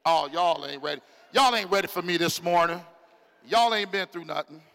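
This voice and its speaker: Middle-aged male pastor, high tense voice, casual slang preaching, long church-hall echo. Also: normal speed, gravelly. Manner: animated preaching, calls out to the congregation; casual slang-filled delivery. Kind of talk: sermon. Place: church sanctuary.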